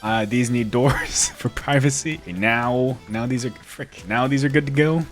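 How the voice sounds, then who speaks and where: A man's voice: medium pitch, moderate pace, faint music behind. Playful man narrating his game build. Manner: playful, self-mocking, giggly asides. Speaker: gaming video creator. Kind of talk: casual game commentary.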